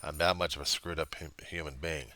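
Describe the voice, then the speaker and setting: Deep, forceful man musing in a video diary. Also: fairly even intonation, a little fast. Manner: rambling, self-deprecating, swings from quiet musing to loud outbursts. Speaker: video diarist addressing a reverend. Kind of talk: personal video diary monologue.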